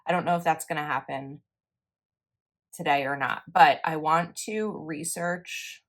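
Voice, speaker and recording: Young woman talking thru her planner, low voice, rambly and casual. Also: steady tone, unhurried. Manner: chatty, rambling, self-correcting. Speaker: planner vlogger. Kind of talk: casual voice-over while planning.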